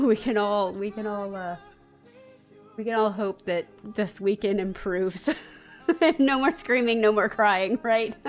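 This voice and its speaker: A woman streamer in a casual livestream chat, chatty and giggly, rambling with fillers. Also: medium pitch. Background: soft background music.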